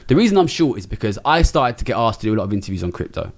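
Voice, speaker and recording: Man, middle-aged, from Britain, rapid delivery, blunt and sweary interview guest. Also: mid-range voice, big pitch swings. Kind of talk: candid interview talk.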